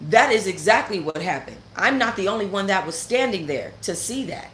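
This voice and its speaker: A woman's voice: mid-range voice, animated, fairly quick, fairly bright tone, echoey room, a little hiss or hum. A woman host telling a story in a casual rant, blunt and profane, repeating points for emphasis. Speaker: channel host.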